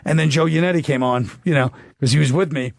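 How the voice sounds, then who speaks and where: New york guy rambling anecdotes, bit high voice, dry close mic. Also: fast talker, vocal fry, dry recording. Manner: rambling anecdotes with acted-out quotes. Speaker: guest comedian. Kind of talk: casual chat.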